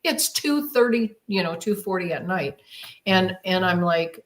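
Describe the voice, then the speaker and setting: A woman guest in an interview tells her story with emphasis and drama, acting out her own inner thoughts along the way. Her voice is lowish and animated, and she speaks at a measured pace.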